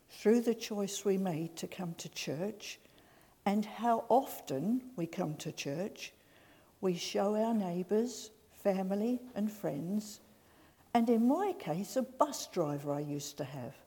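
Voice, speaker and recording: A woman giving a sermon in a gentle, slow storytelling way. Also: lowish voice, breathy edge. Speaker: preacher. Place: large church. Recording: reverberant church hall.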